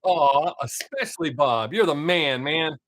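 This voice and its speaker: A man's voice: on the high side, unhurried, fairly bright tone, dry recording. A man hosting his own live stream, chatting casually with viewers, reading their comments and swearing freely. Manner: profane, laid-back, talks to chat viewers by name.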